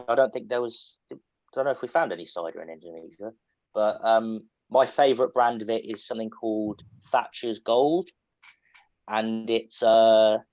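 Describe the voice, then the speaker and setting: A man's voice: mid-range voice, darkish tone, no room sound. An English man with a standard southern English accent, casually answering questions and explaining with fillers and restarts. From England. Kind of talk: casual online Q&A. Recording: dull lo-fi call audio.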